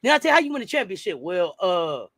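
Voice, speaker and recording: A man's voice: high-pitched, big pitch swings, quick pace, pushed and bright, no room sound, clean studio sound. A man in a heated sports talk rant, blunt and profane, firing off rhetorical questions. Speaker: sports commentator.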